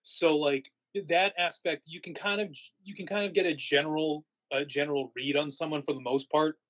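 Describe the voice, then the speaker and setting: A man's voice: fairly high pitch, steady tone, normal speed, fairly bright tone, low-quality recording. A man answering interview questions in a casual, rambling way, full of fillers and restarts. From United States. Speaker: haunt actor guest.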